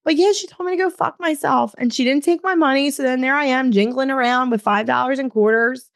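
Animated woman telling a story, dry sound. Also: high-pitched, fairly quick, gravelly, dry recording. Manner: animated, swears, talks to herself in quotes. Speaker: podcast host. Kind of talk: casual storytelling.

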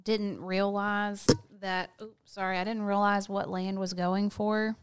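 A woman co-hosting a casual chat, talking in an animated, teasing way. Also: mid-range voice, clean tone. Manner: animated, teasing, talks fast when excited. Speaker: podcast co-host.

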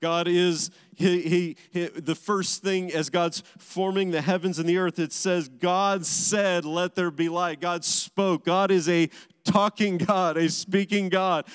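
A man's voice: high-pitched, clear, resonant tone. A man preaching a sermon as a pastor, driving his points home with emphatic repeated phrases. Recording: large hall with long reverb.

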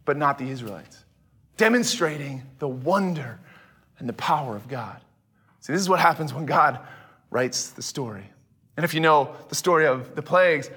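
A man preaching a sermon, animated, often dropping to a hushed voice for emphasis. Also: mid-range voice, slightly rough. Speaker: pastor.

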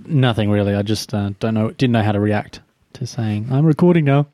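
A man's voice: on the low side, little pitch movement, normal speed, warm tone, dry recording. A young man co-hosting a podcast in casual chat, hesitant and self-deprecating. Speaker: podcast co-host.

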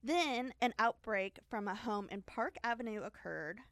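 A woman's voice: on the high side, expressive, a little slow, fairly bright tone, dry recording. A woman casually retelling a history story to a friend, chatty and giggly with frequent fillers and restarts. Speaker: podcast co-host telling a history story.

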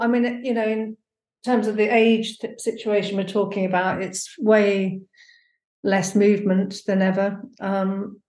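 A woman's voice: medium pitch, darkish tone. A woman performance maker being interviewed, talking in a hesitant, searching way with many fillers. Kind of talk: casual conversation. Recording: echoey room.

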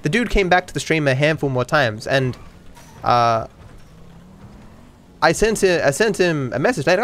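Rambling male podcast host, slightly high voice. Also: expressive, normal speed, long pauses, fairly bright tone, slight background noise. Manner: rambling, frequent restarts and casual swearing. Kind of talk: casual storytelling monologue.

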